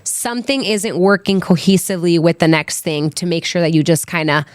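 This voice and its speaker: A young adult woman hosts a casual solo podcast, telling a personal story in a candid, chatty way with plenty of "like" and "um." Her voice is lowish and steady, and she talks briskly. The tone is clean, with no echo and studio quality.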